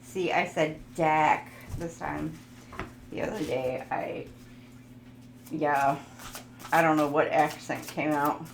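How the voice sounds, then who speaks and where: A woman with a gravelly, creaky voice gives a loose, joking tarot reading and reads card messages aloud. She sounds like she is in a roomy, echoing space, with faint noise and cards shuffling behind her. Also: low-pitched, fairly even intonation, slow pace, pauses often. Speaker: tarot reader.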